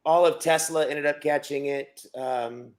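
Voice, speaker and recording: A man's voice: on the high side, steady tone, unhurried. A man chatting casually as a guest musician, friendly and full of questions. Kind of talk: casual interview chat.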